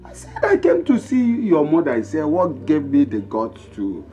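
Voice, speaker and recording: A man's voice: mid-range voice, lively intonation, moderate pace, warm tone, muffled recording, close to an everyday voice. An actor playing a bossy Igbo father with a Nigerian Igbo accent, rambling and scolding as he switches between Igbo and English. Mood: pleading. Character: bossy blustering Igbo father, middle-aged man.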